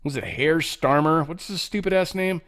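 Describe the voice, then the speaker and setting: A man's voice: on the high side, moderate pace, fairly bright tone. Sarcastic man riffing on headlines. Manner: sarcastic, mocking asides. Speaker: show host. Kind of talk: casual news commentary.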